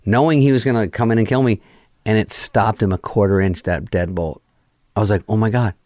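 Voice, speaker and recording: Male podcast guest, very low voice, dry close mic, casual deadpan storyteller who swears freely. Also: fairly quick, dry recording. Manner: profane, deadpan anecdote acting out quoted dialogue. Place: podcast studio. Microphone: studio microphone.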